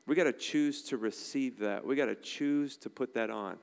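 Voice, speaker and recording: A man's voice: medium pitch, normal speed, vocal fry, clear, resonant tone, long reverb tail. A man preaching a sermon in a conversational, emphatic style, checking in with the congregation often. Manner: emphatic, conversational preaching with frequent "all right?" asides. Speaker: pastor.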